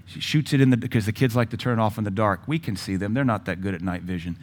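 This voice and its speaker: Preaching a sermon, a middle-aged male pastor talks fast in a lowish voice. He swings between forceful surges in volume and sudden quiet drops.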